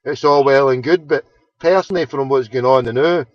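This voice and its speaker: A man's voice: medium pitch, moderate pace, dry recording. A man chatting casually, rambling and swearing, with many restarts. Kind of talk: casual chat. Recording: dull lo-fi sound.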